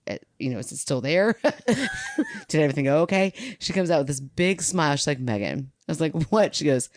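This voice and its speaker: A woman in her thirties co-hosting a podcast, an animated storyteller who laughs often. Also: deep voice, brisk, dry recording, clean studio sound. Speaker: podcast co-host. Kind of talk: casual chat.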